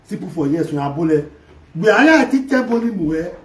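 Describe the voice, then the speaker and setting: A woman's voice: lowish voice, big pitch swings, fast talker, a little mellow, rough recording. A woman with a Nigerian Pidgin English accent hosting a celebrity gossip vlog, teasing and mocking as she talks. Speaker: gossip show host.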